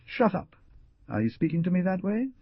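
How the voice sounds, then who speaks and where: A man voicing a brooding, stern young frontiersman who gives orders, with a husky voice. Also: mid-range voice, wildly swooping pitch, normal speed, no room sound, lo-fi sound, pitched above the performer's own voice, full character voice. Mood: commanding. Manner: commanding, stern.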